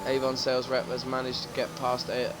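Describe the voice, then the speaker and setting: A man's voice: mid-range voice, completely flat delivery, brisk, background noise. A man commentating a sim racing league, joking and swearing as he talks. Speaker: race commentator.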